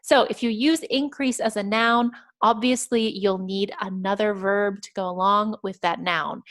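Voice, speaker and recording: A woman teaching English exam writing, explaining vocabulary clearly and patiently, step by step over slides. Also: medium pitch, normal speed, a bit bright.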